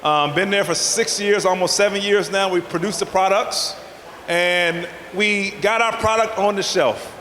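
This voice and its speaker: A man from the American South works the crowd like a preacher, his voice pitched high and full of call-and-response energy. He speaks in a large indoor hall, and his words ring back with a long, roomy reverb and a faint hiss of noise underneath. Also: fairly even intonation, unhurried, pushed and bright. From Southern United States. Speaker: festival speaker, vegan chef. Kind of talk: motivational talk.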